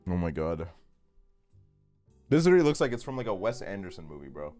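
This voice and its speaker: A man's voice: low-pitched, very animated, brisk, dark tone, faint music behind. A man in his twenties chatting casually on a stream, ranting with plenty of swearing and frequent laughter. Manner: profane, ranting, laughs often.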